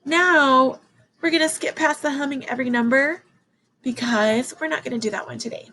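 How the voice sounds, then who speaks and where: A woman teaching a children's math lesson, excited and encouraging as she counts along with her class. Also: high voice, moderate pace, a little hiss or hum, poor audio.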